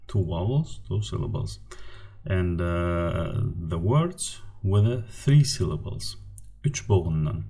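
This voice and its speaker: A man teaching a lesson at an unhurried pace. His voice is low, mellow and a little husky. He patiently says each example word twice. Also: lively intonation. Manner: patient, repeats example words slowly. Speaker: language teacher. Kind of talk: slide-based language lesson.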